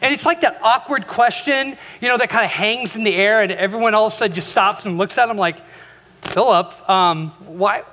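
Male pastor, high voice, animated storytelling sermon; echoey sanctuary. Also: fast, few pauses. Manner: animated storyteller acting out quoted lines. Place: church sanctuary. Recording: echoey hall reverb.

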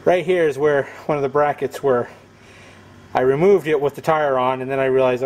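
A man's voice: medium pitch, fairly even intonation, normal speed, a little mellow. Chatty self-mocking man fixing a car. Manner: chatty, self-deprecating, talks to viewers while working. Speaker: homesteading channel host. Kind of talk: casual DIY repair tutorial. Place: home garage beside a car.

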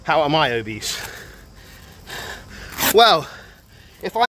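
A man live streaming in casual banter, brash and boastful, shouting and swearing at his chat. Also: a little high, sing-song, slow, no echo.

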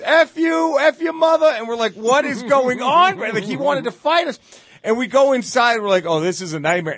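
A man, a comedian guest on a sports radio show, telling a story in an animated way and loudly mimicking rowdy fans, recorded on a close studio mic. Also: sits high, dry recording. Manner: excitable, shouts when quoting hostile fans.

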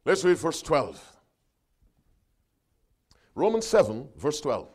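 A man preaching a sermon, reading scripture aloud with his congregation and calling for responses, loud and emphatic on the verses and quieter between them. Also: fairly high pitch, huge pitch swings, slow pace, pauses often, breathy edge.

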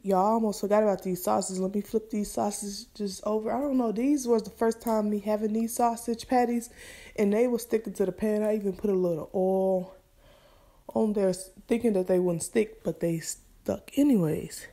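A young mother talks her viewers through breakfast in her home kitchen. Her delivery is relaxed and chatty, with plenty of pauses and fillers as she cooks. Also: medium pitch. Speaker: vlogger and mother. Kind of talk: casual cooking vlog chat.

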